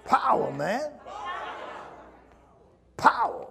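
Man, preacher, fiery sermon, very high lively voice, crowd faintly behind. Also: vocal fry. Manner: shouting, drawn-out, with laughs and asides to the congregation. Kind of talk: fiery call-and-response sermon.

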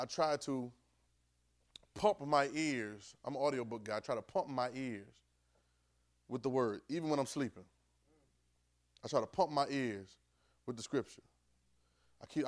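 A man preaching to a class in a loose, conversational way, often asking "right?" as he goes. He drops to a low murmur and then breaks into sudden loud bursts. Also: moderate pace, pauses often. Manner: call-and-response, keeps asking "right?". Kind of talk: conversational sermon.

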